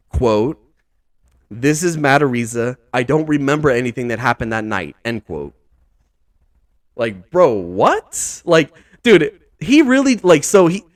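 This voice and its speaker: A man's voice: fairly high pitch, no room sound, studio quality. Rambling, exasperated man on a podcast. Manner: rambling, heavy use of "like", "dude" and "bro"; incredulous, exasperated. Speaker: podcast host. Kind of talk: casual podcast commentary.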